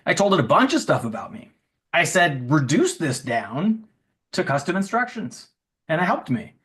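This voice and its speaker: A man's voice: a little high, very animated, moderate pace, a bit bright. A middle-aged man giving a frank, casual conference talk who acts out the things he says to a chatbot. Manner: casual, frank, says "you know" and "just" a lot. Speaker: speaker at a tech event.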